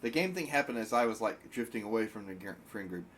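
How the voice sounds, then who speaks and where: A man's voice: fairly low pitch, lively intonation, fast talker, fairly bright tone, a little hiss or hum. Young south carolina guy telling stories and teasing his buddy, lots of "like", chill. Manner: rambling, teasing, filler-heavy. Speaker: podcast co-host. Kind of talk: casual chat, storytelling.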